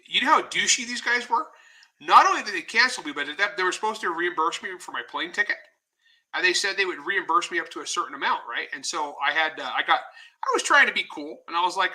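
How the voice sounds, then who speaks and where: A man, a guest author in a casual interview, telling stories in a blunt, animated way with some swearing. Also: high voice, quick pace, rough recording.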